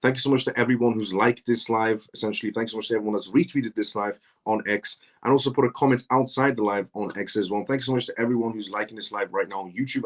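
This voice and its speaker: Male live-stream host, lower voice, casual chat, repeats greetings to each viewer. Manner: repetitive greetings, conversational.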